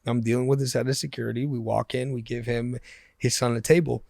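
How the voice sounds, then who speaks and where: Gravelly-voiced man telling animated stories. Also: medium pitch, quick pace, dry recording, clean studio sound. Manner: acts out quoted dialogue in his stories. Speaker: interview guest. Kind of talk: animated storytelling in a podcast interview. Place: podcast studio.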